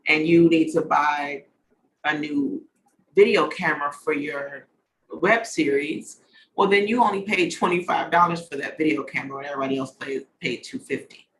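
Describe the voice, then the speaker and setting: A man's voice: fairly high pitch, moderate pace, a bit bright, slight background noise, rough recording. A man hosting an online conference over a video call, chatty and slangy, drifting off on tangents as he talks. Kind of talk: casual talk on a video call.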